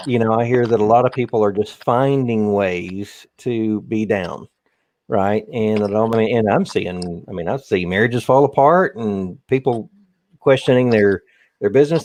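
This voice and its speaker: A man co-hosts a casual chat, giving short replies and steady explanations. His voice is lower than most men's and sounds dry and close, with no room around it. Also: dry recording. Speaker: co-host.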